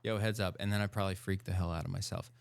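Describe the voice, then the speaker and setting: A man with a low, smooth, resonant voice chats as a podcast guest. He talks in an animated, loose way with plenty of fillers and laughter, and sounds dry and close to the mic. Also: rapid-fire, no room sound. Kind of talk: casual interview chat.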